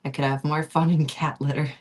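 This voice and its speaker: A woman's voice: deep voice, level tone, fairly quick, darkish tone. A woman reading aloud, voicing a grumpy, jaded man who sneers at a dull planet. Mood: grumbling. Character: grumpy, jaded male space traveler.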